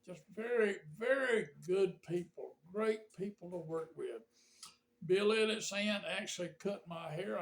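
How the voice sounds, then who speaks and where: Older man, folksy and rambling. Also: sits high. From Georgia, USA. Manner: folksy, rambling, with frequent fillers and restarts. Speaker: pastor. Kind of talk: casual reminiscing monologue to camera.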